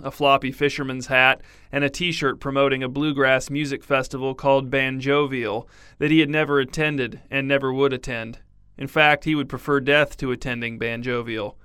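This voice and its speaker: Bright, smooth-voiced male storyteller. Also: mid-range voice, no echo, clean studio sound. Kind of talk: scripted bedtime story narration.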